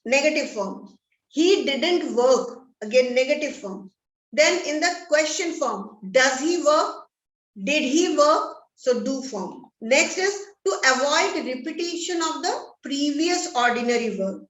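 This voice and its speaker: A woman with an Indian English accent teaching a grammar lesson, speaking deliberately and reading example sentences aloud with stress. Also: sits high, expressive, a bit bright. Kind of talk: classroom-style grammar lesson. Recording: echoey room.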